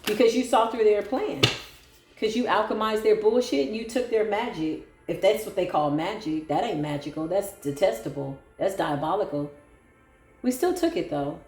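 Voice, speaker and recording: Sassy woman tarot reader, mid pitch, roomy echo, faint music under her. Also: normal speed, darkish tone. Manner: sassy, sarcastic, preachy. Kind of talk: solo tarot reading. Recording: echoey room with faint music.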